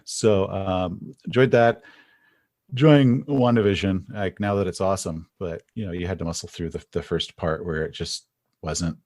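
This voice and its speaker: A man's voice: deep voice, normal speed, a little mellow. A man talking as a podcast guest in casual conversation, rambling and chatty, restarting his sentences as he tells stories.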